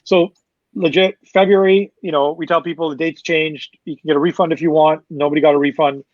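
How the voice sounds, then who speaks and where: A man with a Canadian accent casually recounting a story as a promoter, animated, swearing and acting out the people he quotes. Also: fairly high pitch, a little fast, dry recording. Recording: slightly muffled dry recording.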